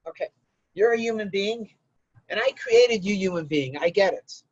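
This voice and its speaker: A man's voice: high-pitched, animated, moderate pace, breathy edge, no room sound, highs cut off, heavily acted. A man voicing God as a kindly, easygoing male creator who hands out tasks in a folk tale. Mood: generous. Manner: easygoing, bargaining tone.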